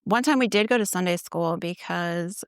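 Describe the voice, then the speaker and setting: A woman's voice: on the low side, moderate pace, dry recording, clean studio sound. A woman, a church ministry assistant, telling her faith story in a casual interview and quoting her own past thoughts as she goes. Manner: conversational, retelling with quoted inner thoughts.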